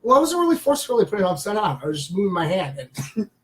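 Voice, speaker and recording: A Canadian man streams live, showing off his pet baby lizard and cooing softly at it while chatting casually with lots of filler words. His voice is high and sing-song, and he talks rapid-fire. The recording is rough, with a slight hiss or hum.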